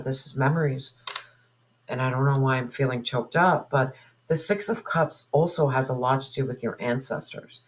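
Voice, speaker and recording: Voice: mid-range voice, a little hiss or hum, rough recording. A tarot reader giving a spoken reading to viewers, musing aloud and asking spirit questions in an intuitive way.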